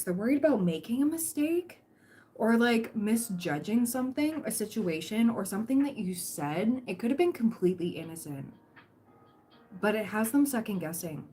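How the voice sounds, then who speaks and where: A woman's voice: mid-range voice, a little mellow, husky. A woman giving a chatty, reassuring tarot reading on a livestream, full of fillers and restarts, her throat dry and catching. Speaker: tarot reader.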